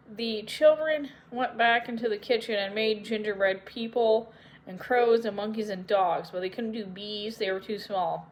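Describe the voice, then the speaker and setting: A woman narrating an audiobook in a measured, unhurried way. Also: mid-range voice, steady tone, a little hiss or hum, low-quality recording. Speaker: audiobook reader.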